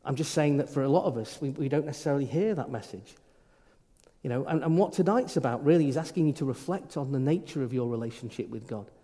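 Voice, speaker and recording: Stammering priest in a reverberant hall. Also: male voice, medium pitch, animated, fast, mellow. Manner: conversational, frequent stammered restarts. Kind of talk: informal sermon.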